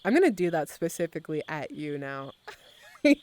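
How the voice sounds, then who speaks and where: A woman's voice: deep voice, very animated, fairly quick, darkish tone. A young adult woman streamer chatting casually with her live chat, using lots of slang and laughing often.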